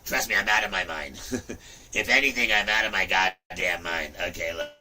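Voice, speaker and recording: A middle-aged man rambles through a casual livestream, swearing freely and breaking into sudden loud outbursts. His voice sits a little low but has a very bright, hard edge. The mic picks him up from a distance. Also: moderate pace. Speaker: livestream host.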